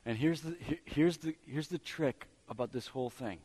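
A man's voice: on the high side, normal speed, a little mellow, slightly rough. A man preaching a sermon as pastor, building emphasis through repetition.

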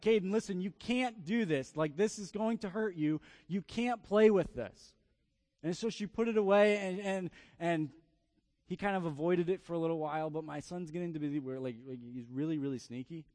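A man in his thirties, a pastor preaching a sermon through a family story, often repeating words in quick bursts. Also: on the high side, no room sound.

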